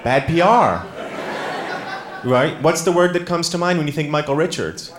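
A man doing a stand-up comedy set, talking conversationally to the crowd and breaking into loud sung and shouted bits. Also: on the high side, moderate pace, noisy background. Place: live comedy stage before an audience. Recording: roomy hall with audible ambience.

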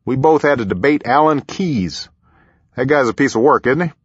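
A man voicing a brisk, friendly older male president with a chummy, folksy manner, in a slightly muffled recording. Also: medium pitch, expressive, slightly rough, dry recording, voice pushed up. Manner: chummy, back-slapping, quick asides.

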